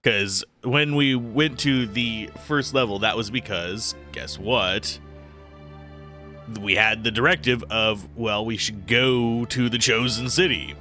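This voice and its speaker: A man's voice: medium pitch, slow pace, pushed and bright, soft background music. A man streaming a game live, talking casually with a groggy, phlegmy morning voice, rambling and self-deprecating. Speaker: let's play streamer.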